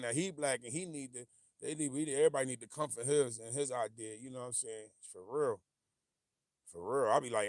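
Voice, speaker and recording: A man with hosting a casual livestream, rambling and animated, often losing his train of thought and laughing as he reads viewer comments. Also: medium pitch, a little fast, no room sound, studio quality. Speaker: livestream host.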